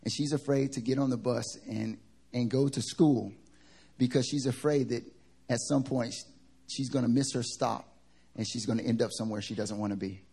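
Husky-voiced pastor from the American South. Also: male voice, medium pitch, normal speed. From Southern United States. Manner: animated, joking storyteller. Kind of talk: sermon with personal stories. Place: church service.

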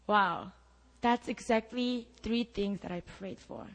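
A woman's voice: medium pitch, slow pace. A young woman gives her testimony at a church prayer meeting, telling her story with animation and acting out her own prayers. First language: Korean. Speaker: speaker giving testimony. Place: church hall. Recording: long reverb of a church hall.

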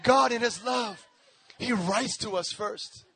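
A young man preaching a lively sermon, telling stories, acting out voices and laughing often, with a repetitive, rhythmic emphasis. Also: extremely high pitch, slow pace, slightly rough, some chatter behind.

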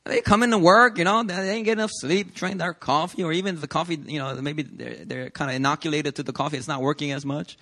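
A young man preaching a sermon in a casual, animated, conversational way, acting out little quoted scenes. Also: on the high side, fast, hardly any pauses. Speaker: pastor. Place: church service.

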